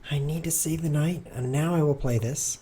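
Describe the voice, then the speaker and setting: A man streaming himself playing chess, thinking aloud and cracking dry, deadpan jokes in low muttered asides. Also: moderate pace, husky.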